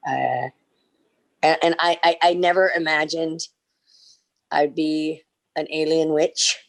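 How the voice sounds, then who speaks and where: A middle-aged woman on a video-call fan panel, telling lively stories and acting out the people in them. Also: slow. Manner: animated, acts out quotes with big leaps in pitch. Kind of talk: casual anecdote telling.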